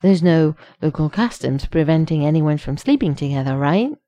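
A woman voicing a brash, confident male scientist who talks in a quick, blunt way. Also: high voice, expressive, gravelly, mellow, no echo, muffled recording, heavily acted. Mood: nervous.

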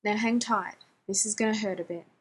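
A woman's voice: medium pitch, steady tone, brisk, a little hiss or hum, close to an everyday voice. A woman voicing a firm, protective man. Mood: firm, caring. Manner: short, firm directives.

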